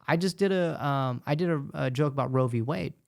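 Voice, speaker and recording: A man who is a stand-up comedian and guest, talking casually and animatedly, telling stories with quick asides. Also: medium pitch, vocal fry. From United States. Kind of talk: casual podcast conversation.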